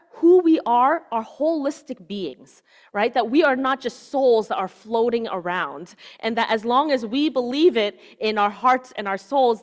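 A woman delivers a sermon in a relaxed, conversational tone. Her voice sits a little high. She often checks in with the listeners and lowers her voice to a soft hush on the words she wants to land. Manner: casual, keeps asking "right?", drops to a hushed voice on key words. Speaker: preacher.

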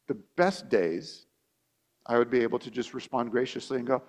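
A man's voice: medium pitch, normal speed. A man preaching a sermon as a pastor, talking conversationally, often repeating and restarting words, and acting out quoted voices.

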